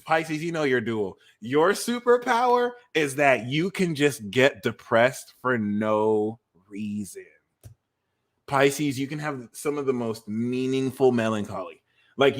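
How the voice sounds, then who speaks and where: A man hosting a casual astrology and tarot livestream, talking in an animated, profane, jokey way. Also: mid-range voice.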